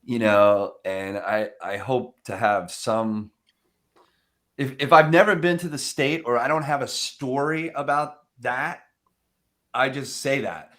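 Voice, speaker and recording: A man chatting casually on a podcast about cold calls, animated, laughing often and acting out phone calls in quoted voices. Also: mid-range voice, takes it slowly. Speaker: sales development rep.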